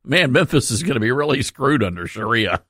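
Animated sarcastic talk radio man. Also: mid-range voice, fairly quick, husky, dry recording, studio quality. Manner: sarcastic, laughing, animated asides. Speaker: radio talk show host.

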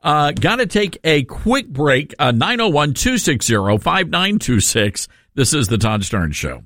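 A middle-aged man with a Tennessee Southern accent hosting a call-in radio talk show, chatty and upbeat and quick to laugh. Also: fairly high pitch, big pitch swings, fairly bright tone.

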